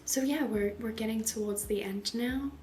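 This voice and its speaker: A woman tattoo artist giving casual, rambling voice-over commentary, often soft and half-whispered, with giggles. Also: fairly high pitch, moderate pace, slight background noise.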